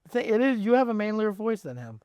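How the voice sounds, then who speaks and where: A man's voice: high-pitched, very animated, fast, a little mellow, clear, resonant tone, no echo, studio quality. A man, a comedian guest on a podcast, chatting casually and teasing, often slipping into mock voices.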